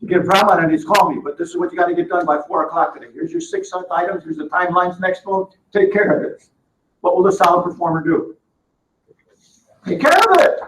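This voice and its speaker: A man's voice: sits high, little pitch movement, rapid-fire, hardly any pauses, a bit bright. Emphatic man lecturing in a roomy hall. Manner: punchy, emphatic, asks the room questions. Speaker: management trainer. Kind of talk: seminar lecture. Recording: roomy, distant, dull lo-fi sound.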